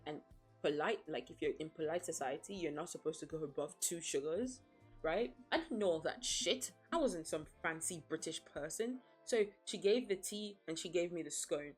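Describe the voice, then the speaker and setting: Low husky-voiced woman streamer. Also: normal speed, faint music behind. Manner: blunt and profane, laughing often, playfully dramatic rants. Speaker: VTuber streamer. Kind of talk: casual livestream chat.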